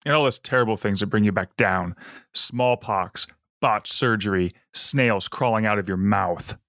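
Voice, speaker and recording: Gloomy deadpan young woman, read by a man. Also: fairly low pitch, moderate pace, no echo, clean studio sound. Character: gloomy young woman listing grim things. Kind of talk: reading a script aloud on a podcast.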